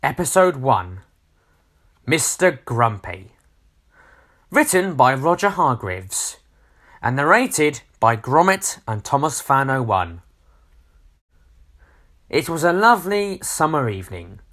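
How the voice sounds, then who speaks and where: Slow, expressive storybook reader, a man. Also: medium pitch. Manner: expressive, asks the listener questions. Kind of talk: reading a children's storybook aloud.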